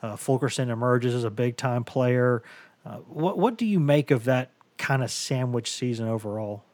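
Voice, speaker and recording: A hoarse man hosts a casual sports podcast from his home office, rambling along with stammering restarts. His voice sits at a middling pitch and sounds dry and close to the mic. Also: lively intonation, normal speed, darkish tone, no room sound. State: hoarse from bronchitis. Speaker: podcast host.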